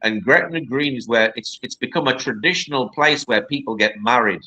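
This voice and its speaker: Brief: rambling male guest from northern England, bright tense tone, lo-fi call audio. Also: medium pitch, fairly quick. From northern England, near the Scottish border. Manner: chatty, rambling, repeats words for stress. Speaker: poet and guest. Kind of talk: casual interview chat. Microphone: video call. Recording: lo-fi streamed video call.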